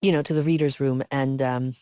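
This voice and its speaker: A woman's voice: very deep voice, brisk, no room sound, studio quality. A woman co-hosting a podcast, chatting casually and reacting expressively. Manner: expressive, warmly reactive listener. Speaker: podcast co-host.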